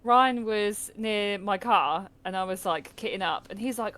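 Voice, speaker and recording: A chatty British woman co-hosting a podcast. She tells stories in a casual, lively way and laughs easily. Her pitch sits in the middle of the usual range. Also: moderate pace. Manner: chatty storyteller, laughs a lot. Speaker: podcast co-host. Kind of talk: casual chat.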